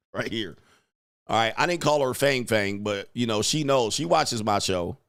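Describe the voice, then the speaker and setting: A man's voice: on the low side, expressive, measured pace, fairly bright tone, clear, resonant tone, no echo, clean studio sound. A man hosting a casual commentary show, joking and laughing at his own lines as he rambles. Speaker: commentary show host and dating coach.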